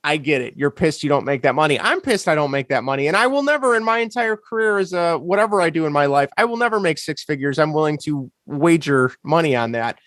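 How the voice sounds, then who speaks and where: A man's voice: on the high side, very animated, fast, hardly any pauses, a bit bright, dry recording, clean studio sound. A man co-hosting a podcast, ranting sarcastically in casual chat. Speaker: podcast co-host.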